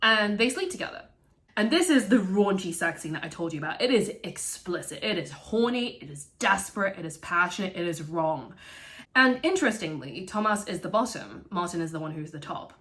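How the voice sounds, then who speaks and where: A woman giving casual film commentary, animated and profane, often laughing. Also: fairly low pitch, fairly quick. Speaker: vlogger reviewing a film.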